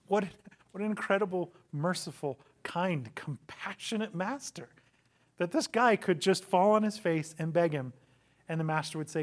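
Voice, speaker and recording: Delivering a sermon at normal speed, a pastor tells a parable with lively intonation in a high voice. His storytelling is dramatic, full of rhetorical questions and quotes he acts out.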